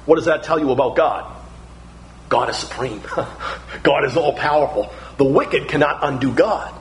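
A man's voice: a little high, moderate pace, slight background noise, rough recording. A middle-aged man preaching a sermon, emphatic and building through repeated phrases.

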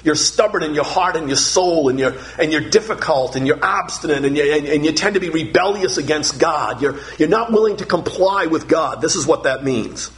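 A man's voice: fairly high pitch, expressive, moderate pace, hardly any pauses. A male pastor delivering a sermon, earnest and emphatic, often repeating words to stress a point.

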